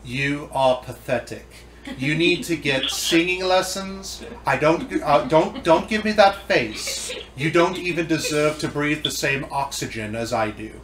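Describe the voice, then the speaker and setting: A man's voice: a little high, fairly bright tone, echoey room, a little hiss or hum. A man doing a scornful talent judge. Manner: cutting, drawn-out put-downs. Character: harsh male talent-show judge, scornful.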